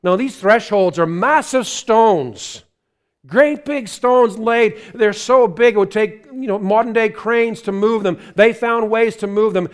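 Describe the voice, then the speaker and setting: A man with a high, smooth and resonant voice preaches a live sermon in a church. He rises to loud, ringing proclamation, then drops to a hushed, pleading near-whisper. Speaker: guest preacher. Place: church sanctuary.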